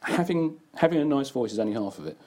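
A man who works in advertising and casts voice actors, chatting casually and telling lively anecdotes. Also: mid-range voice, fast, slight background noise. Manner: anecdotal storyteller, animated delivery. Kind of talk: casual conversation.

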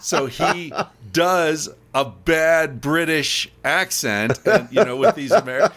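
A man from Pennsylvania hosting a casual chat, talking in a relaxed, conversational way. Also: fairly high pitch, takes it slowly.

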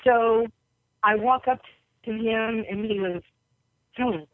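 A woman's voice: a little high, fairly even intonation, slow, dry recording. A woman from New York, a basketball coach and podcast guest, telling personal stories and acting out the voices of people she quotes. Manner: vivid storyteller who acts out quoted voices. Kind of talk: personal storytelling in an interview. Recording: tinny dry phone line.

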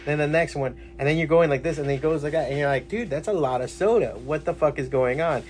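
A man's voice: a little high, fast. A man hosting a podcast, chatting casually and swearing freely as he tells stories. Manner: swears freely, storytelling with laughs. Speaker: podcast host, comic shop owner. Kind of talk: casual chat. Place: comic shop.

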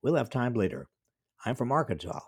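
An older man voicing a friendly, eager young Southern man who grins and chats warmly. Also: medium pitch, big pitch swings, brisk, husky, pitched above the performer's own voice.

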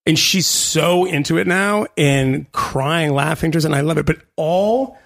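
A man co-hosting a podcast in casual chat, an animated storyteller who acts out voices. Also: on the high side, measured pace, gravelly. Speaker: podcast co-host.

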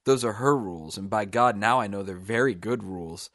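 A man voicing a simple-minded young man ruled by his mother, talking in a loud, eager, childlike way. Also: on the low side, brisk, no room sound, clean studio sound. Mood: insistent.

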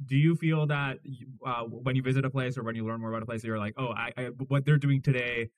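A man hosting a podcast who asks long questions in a halting way, stumbling and restarting his words. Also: medium pitch, steady tone, dry recording. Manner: halting, stammering as he forms questions. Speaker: podcast host. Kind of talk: interviewing, casual chat.

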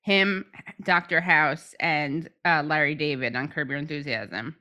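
A young woman co-hosting a podcast, chatting casually in a playful, quick-witted way. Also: sits low, pushed and bright, lo-fi sound. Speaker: podcast co-host. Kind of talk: casual chat.

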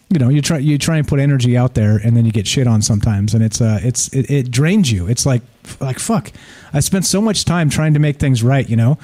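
A man's voice: mid-range voice, dark tone. A man hosting a casual live talk show, reading listener comments and rambling with frequent restarts and swearing.

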